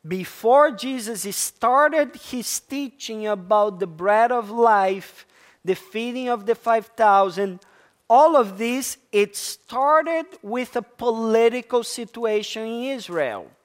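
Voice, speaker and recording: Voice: medium pitch, slow pace. A preacher delivering a sermon, stressing and repeating key words and asking the congregation questions. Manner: emphatic, repeats key words, addresses listeners as church.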